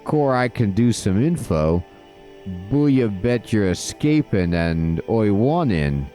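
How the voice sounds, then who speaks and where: A man's voice: mid-range voice, animated, slow pace, mellow, faint music behind. A man voicing a shifty male penguin smuggler who talks in clipped street slang. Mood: cheeky.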